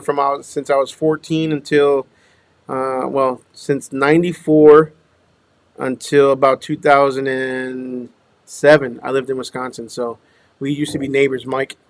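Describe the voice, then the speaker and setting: A man's voice: mid-range voice, no room sound. A man from Minnesota who runs a dumpster rental business, chatting casually on a livestream, greeting viewers by name and trailing off into mumbles. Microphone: small clip-on microphone.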